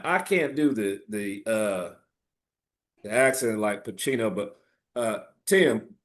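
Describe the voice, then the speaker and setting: A man in his forties talks in a loose, rambling way as a podcast co-host, with a middle-pitched voice. He drops slang freely and keeps stopping to search for the right word. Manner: rambling, laid-back slang, searching for words. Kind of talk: casual chat.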